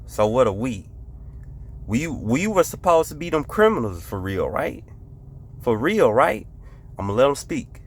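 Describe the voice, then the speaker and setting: A man's voice: mid-range voice, very animated, unhurried, pauses often, a little hiss or hum. A man hosting a casual reaction video, talking emphatically and repeating rhetorical questions and catchphrases.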